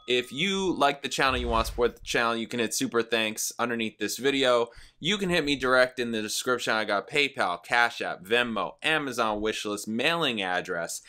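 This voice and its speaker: A man hosting a reaction video, chatting casually to camera, rambling and excitable. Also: medium pitch, smooth. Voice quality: rambling, excitable, repeats himself.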